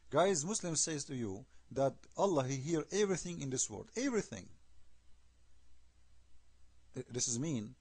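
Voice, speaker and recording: Husky man arguing scornfully. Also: mid-range voice, a little mellow, no echo. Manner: emphatic, scornful, full of rhetorical questions; non-native English grammar. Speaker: online commentator. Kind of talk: argumentative video commentary.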